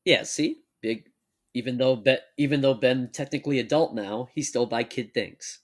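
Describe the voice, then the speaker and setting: Young man co-hosting a casual chat. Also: medium pitch. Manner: jokey, laughs often, reads in a measured pace. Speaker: podcast co-host. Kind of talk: casual chat and reading aloud.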